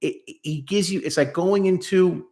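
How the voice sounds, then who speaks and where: With a warm voice that sits high, a male therapist talks at a moderate pace through an emphatic song commentary. He acts out lines and voices and quotes lyrics along the way.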